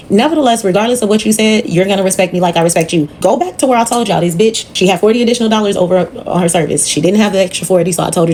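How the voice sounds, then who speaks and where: A woman's voice: medium pitch, fast, darkish tone, a little hiss or hum. A woman nail technician telling a story from her work in a blunt, profane, casual storytime manner.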